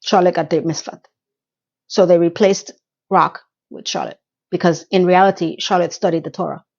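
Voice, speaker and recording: A woman recapping a TV episode in a casual chat, talking in a lively way with quick asides and questions to her viewers. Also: on the low side, highs cut off. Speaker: TV recap reviewer.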